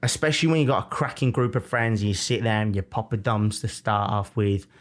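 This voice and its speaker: A young man with a Birmingham accent, co-hosting a podcast in casual chat, animated and jokey as he tells stories. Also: on the low side, brisk. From Birmingham, England. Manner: animated, jokey storytelling with mock-defiant asides. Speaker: podcast co-host.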